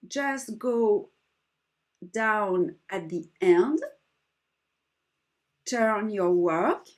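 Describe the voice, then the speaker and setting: At a very slow pace and medium pitch, an animated woman with a French accent demonstrates an embroidery stitch for viewers. She is an embroidery teacher speaking English as a second language, and her slightly broken delivery stays gentle and patient through each step.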